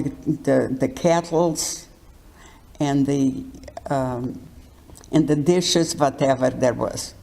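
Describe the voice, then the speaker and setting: An older woman giving her life testimony in an interview, speaking haltingly and often restarting words. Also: sits low, mellow. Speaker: Holocaust survivor interviewee.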